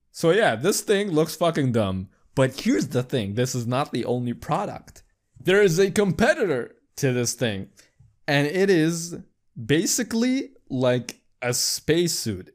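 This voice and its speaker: A young man hosting a podcast, chatting casually in a rambling, profane way and jumping into high squeaky voices for quips. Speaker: podcast host. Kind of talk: casual chat.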